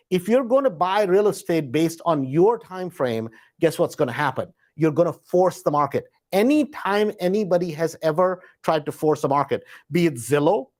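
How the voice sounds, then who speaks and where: A man hosting a live question-and-answer session, talking casually and often checking in with "right?" while acting out quoted thoughts. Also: sits high. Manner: conversational, frequent "right?" tag questions; acts out quoted inner voices. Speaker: host. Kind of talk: live Q&A talk.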